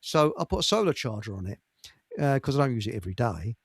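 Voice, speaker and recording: Man, host, gravelly, lively up-and-down pitch, rambling and jokey. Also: quick pace, dry recording. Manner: jokey, rambling, self-deprecating. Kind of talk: casual chat.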